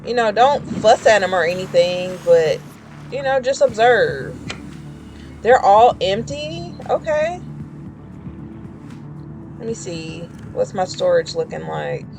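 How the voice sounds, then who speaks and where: A woman's voice: medium pitch, very animated, takes it slowly, gravelly, pauses often, music in the background. A woman chatting casually while streaming a game, rambling and shrieking when startled. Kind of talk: casual gameplay commentary.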